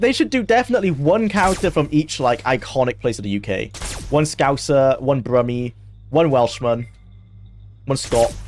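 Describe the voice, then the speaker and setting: A man's voice: medium pitch, darkish tone, slight background noise. A young man chatting casually on a game stream, laughing often and talking to his chat.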